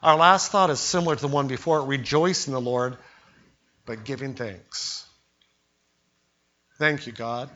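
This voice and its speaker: A man's voice: mid-range voice, moderate pace, pushed and bright, dull audio. An older man preaching a sermon as pastor, telling stories and acting out the quotes. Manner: storytelling preacher, acts out quotes with voices.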